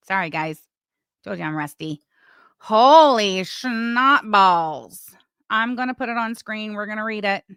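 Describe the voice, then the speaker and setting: A woman's voice: medium pitch, bright, forceful tone, no room sound, studio quality. A woman hosting a casual livestream, chatting and reading messages with sarcastic asides. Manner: chatty, sarcastic, talks to chat while doing other things. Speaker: livestream host.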